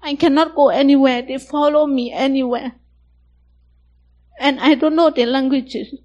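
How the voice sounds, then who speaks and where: A young woman from Thailand, giving personal testimony in halting, simple broken English. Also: high voice, steady tone, darkish tone, highs cut off.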